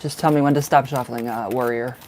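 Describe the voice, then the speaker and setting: A man's voice: medium pitch, fairly even intonation, fairly quick, darkish tone, slight background noise. A man doing live-stream tarot readings, chatty and giggly, who calls viewers by name and sounds cold and bundled up. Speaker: tarot reader.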